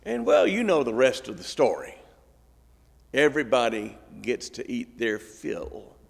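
Slow, gravelly-voiced man preaching. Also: on the high side, in a large hall. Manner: folksy, joking storyteller. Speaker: pastor. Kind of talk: sermon.

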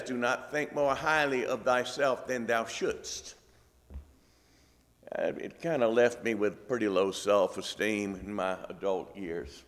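A man's voice: lowish voice, big-room sound. A man preaching a sermon, with folksy, joking asides.

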